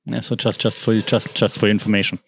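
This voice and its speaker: A man's voice: fairly low pitch, little pitch movement, quick pace, vocal fry, a bit bright, husky. A man whose first language is German, hosting a podcast and talking through the news in a rambling, conversational way with frequent restarts. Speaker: podcast host. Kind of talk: casual commentary monologue.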